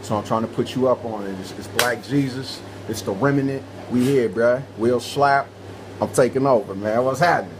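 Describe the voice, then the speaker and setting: An emphatic man lectures with a preacher's insistence, his voice pitched in the ordinary middle range. He drops street slang and talks in long, hammering lines. A faint hiss of noise sits under him. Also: normal speed. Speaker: guest speaker. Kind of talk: livestream talk show discussion.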